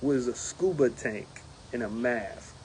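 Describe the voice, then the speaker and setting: A man who is a union steward, giving a casual spoken report, animated and laughing often, mimicking others in a raised voice. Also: mid-range voice, unhurried, a little hiss or hum.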